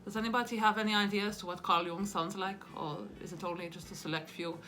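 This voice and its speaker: A woman's voice: mid-range voice, steady tone, quick pace, bright, forceful tone, a little hiss or hum. A woman doing a casual, rambling comedy monologue between her impressions. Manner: chatty, rambling, laughs at herself.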